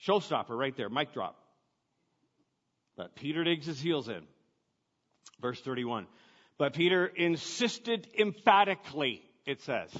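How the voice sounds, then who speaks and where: Slow-speaking preacher in a reverberant hall. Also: male voice, a little high, very animated, a bit bright. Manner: conversational, emphatic preaching with rhetorical questions. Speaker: pastor. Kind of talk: sermon. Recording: dull lo-fi sound with long reverb.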